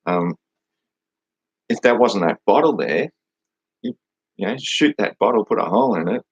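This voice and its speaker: A man's voice: lowish voice, very animated, normal speed, gravelly, husky, no echo, lo-fi sound. A man hosting a casual livestream, answering chat questions in a mocking, dismissive way and swearing now and then.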